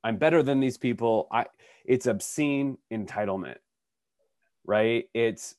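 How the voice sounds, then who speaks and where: A man of middle pitch tells a story on a podcast in a loose, conversational way. He acts out the lines of the people in his story and often restarts his sentences. The sound is dry and close. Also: measured pace, dry recording. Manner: animated storyteller who acts out quotes, with frequent restarts. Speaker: podcast co-host.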